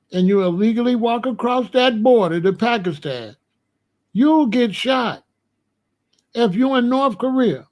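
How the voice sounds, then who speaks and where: A man hosting a casual live stream, talking in an animated way, repeating his points, laughing and addressing viewers by name. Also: extremely high pitch. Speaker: host of a live call-in show.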